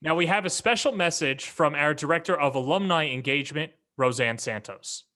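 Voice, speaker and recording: Bright-voiced male ceremony host. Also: a little high, a little fast.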